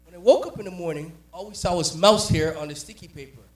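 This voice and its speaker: A man's voice: high voice, fast talker, soft background music. A man from Jamaica doing a stand-up comedy set, telling stories and acting out the people in them. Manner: animated storytelling, acts out quotes. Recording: echoey room from far off.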